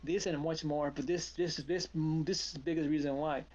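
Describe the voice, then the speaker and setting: A man putting on the voice of his angry young ex-girlfriend, raising his pitch. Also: fairly even intonation, normal speed, a little mellow, highs cut off. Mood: upset.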